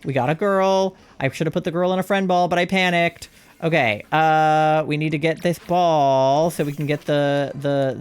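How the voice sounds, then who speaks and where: Young male streamer, slightly high voice, rambling chatter that turns into excited panicked swearing. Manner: chatty and rambling when calm. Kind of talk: live game stream commentary.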